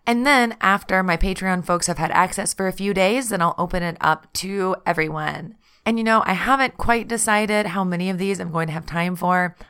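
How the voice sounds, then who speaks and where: A woman with a smooth, clear voice that sits on the lower side hosts her podcast as a tarot reader. She talks in an easygoing, chatty monologue and laughs often. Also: normal speed, hardly any pauses. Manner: chatty and warm-hearted, laughs often, says "y'all".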